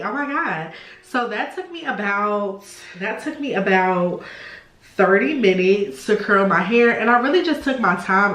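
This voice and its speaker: A young woman with a mid-range voice and a roomy sound hosts a casual hair tutorial as a beauty vlogger. Her talk is gushing and chatty, sprinkled heavily with "y'all."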